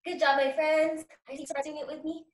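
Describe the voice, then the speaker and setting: A woman's voice: high voice, little pitch movement, fairly quick, reverberant. A woman teaching preschoolers over a video call, cheerful and sing-song, leading movement games. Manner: cheerful, sing-song, drops to a whisper for quiet parts. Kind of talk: online circle time for young children.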